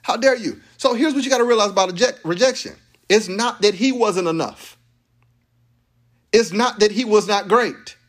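High-voiced animated preacher man. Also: normal speed. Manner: animated, playful preaching with slang and laughter. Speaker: pastor. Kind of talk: sermon. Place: church sanctuary with congregation.

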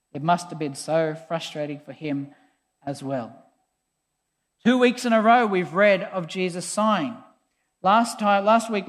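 Preacher, emphatic sermon, exasperated tone, mid-pitched voice, long hall reverb.

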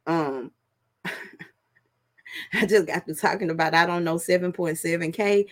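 A middle-aged woman hosting a podcast, talking casually and profanely to her viewers, with drawn-out fillers. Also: lowish voice, fairly even intonation. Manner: loose, profane, drawling with fillers. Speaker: podcast host.

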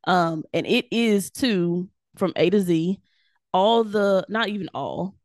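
Lively woman telling her story. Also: on the low side, slow pace, dry recording, studio quality. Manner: animated storyteller, laughs often. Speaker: guest, devotional author. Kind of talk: casual faith chat.

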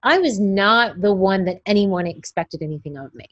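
A New York woman in her forties, guesting on an interview as a newborn photographer, tells stories animatedly and acts out quoted voices. She speaks in a mid-range voice at a normal speed. The recording is dry, with the highs cut off.

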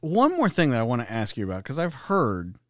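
A man's voice: mid-range voice, wildly swooping pitch, brisk, no room sound, clean studio sound. A man hosting a casual interview, asking loose, rambling questions. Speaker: podcast host.

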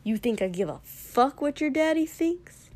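A woman's voice: medium pitch, lively intonation, a little slow, darkish tone. A woman voicing a crude, hot-tempered young man in a fantasy story, snarling taunts.

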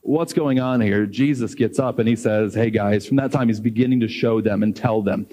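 A middle-aged man preaching a sermon, animated, acting out dialogue and rising high when excited. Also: moderate pace.

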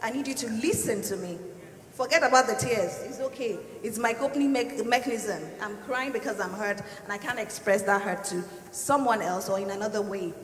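A woman's voice: mid-range voice, normal speed. A woman on a church panel, answering earnestly and emphatically and repeating her points. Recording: echoey hall, faint ambience.

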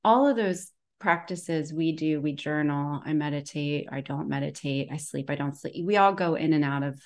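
A woman's voice: low voice, moderate pace, a little mellow. A woman wellness practitioner talking casually and at length, rambling with lots of fillers as she tells a story. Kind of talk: casual conversation.

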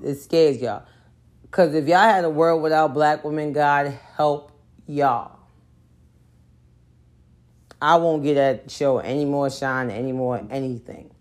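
A woman, talking straight to camera in a blunt, profane, emphatic rant. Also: deep voice. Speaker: commentator. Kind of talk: casual monologue rant.

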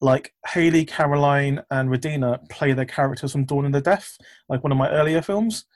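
A man's voice: a little high, fairly quick, no room sound. A man, a filmmaker, chatting casually in an interview, rambling with lots of fillers and restarts. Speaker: filmmaker guest.

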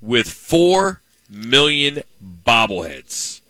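A man's voice: medium pitch, sing-song, very slow, bright, forceful tone, dry recording, poor audio. A man hosting a talk radio show, leading the segments and teasing his co-hosts. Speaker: radio host.

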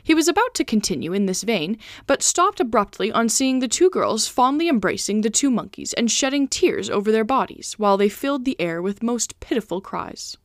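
A woman reading a classic novella aloud for a podcast, with expressive, lively storytelling. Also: on the high side, a little fast, few pauses, no room sound, clean studio sound. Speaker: podcast reader.

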